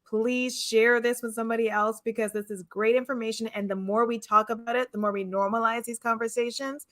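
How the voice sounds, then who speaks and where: A woman hosting a conversational interview, encouraging and quick to affirm her guest. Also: fairly high pitch, fairly even intonation, a bit bright. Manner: encouraging, frequent backchannel affirmations. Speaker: host.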